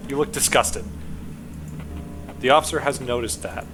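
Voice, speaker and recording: A man streaming a game, talking casually and excitedly with frequent swearing. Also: mid-range voice, moderate pace, long pauses, soft background music. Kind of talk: casual gaming commentary.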